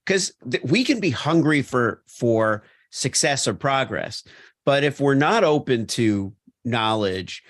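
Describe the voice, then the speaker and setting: A man's voice: mid-range voice, expressive, dry recording. Dry-sounding male podcast host. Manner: reflective, measured, thinks aloud. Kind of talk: conversational interview.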